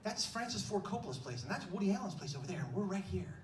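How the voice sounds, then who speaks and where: A man's voice: sits high, sing-song, fast, slight background noise. A man voicing a playful, impulsive male comedian who talks in an offhand, conspiratorial way. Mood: musing. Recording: echoey stage from far off.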